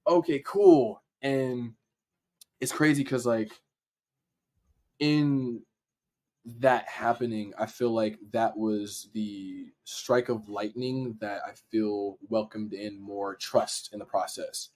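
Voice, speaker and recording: A man, a podcast guest, telling a story in casual slang and acting out his own excited reactions. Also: lowish voice, slow pace. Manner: animated, acts out his own reactions in quotes; casual slang, frequent "like" fillers. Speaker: podcast guest, dancer and video editor.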